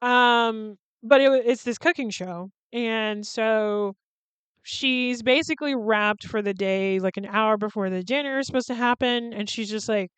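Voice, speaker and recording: A woman's voice: on the high side, a little slow, smooth, no room sound. A woman hosting a podcast in casual chat, candid and chatty, swearing freely and laughing between sentences. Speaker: podcast host.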